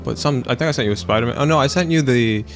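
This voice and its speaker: Man, let's play host, casual rambling chat, animated, silly quote voices, mid pitch, faint music behind. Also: very fast.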